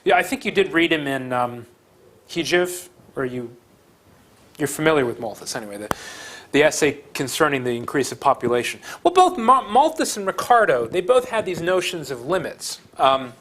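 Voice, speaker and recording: A man giving a university lecture in a conversational way, with frequent fillers, restarts and animated emphasis. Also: a little high, normal speed, slight background noise. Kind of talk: classroom lecture.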